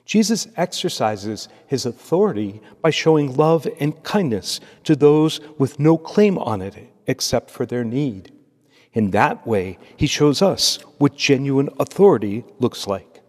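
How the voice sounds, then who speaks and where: Inside a church with long, lingering reverb, a U.S. priest works through the liturgy, reading from scripture and then preaching a homily. His medium-pitched voice keeps an even, measured cadence throughout.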